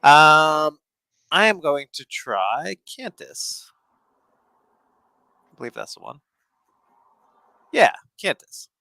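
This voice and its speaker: A man playing in a tabletop role-playing game, hesitant and self-deprecating, with sudden excited jumps in his voice. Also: fairly high pitch, takes it slowly, vocal fry, long pauses, dry recording. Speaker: player.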